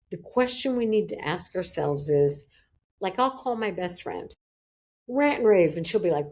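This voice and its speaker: A woman's voice: mid-range voice, big pitch swings, normal speed, warm tone. A middle-aged woman, a psychologist, talking as a guest on a podcast and acting out quoted voices with animation. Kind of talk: podcast interview.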